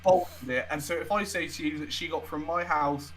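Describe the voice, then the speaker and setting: A man's voice: fairly high pitch, fairly even intonation, moderate pace, fairly bright tone, slight background noise, low-quality recording. A young man co-hosting a podcast, telling a story in a chatty, casual way and swearing freely. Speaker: podcast co-host. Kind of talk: casual chat.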